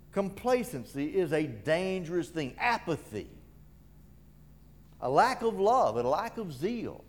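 A man preaching a sermon, emphatic, repeating key phrases and asking rhetorical questions, growing fervent when he reads scripture. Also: a little high.

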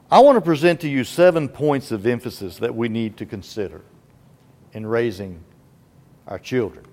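A man's voice: medium pitch, a little mellow. A man preaching a sermon, asking rhetorical questions with emphatic delivery.

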